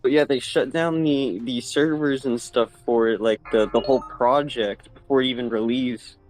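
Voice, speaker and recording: A man's voice: medium pitch, steady tone, normal speed, faint music behind, poor audio. A man chatting casually with a streaming friend, joking and rambling, often losing his thread. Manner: joking and rambling, trails off mid-thought. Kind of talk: casual chat.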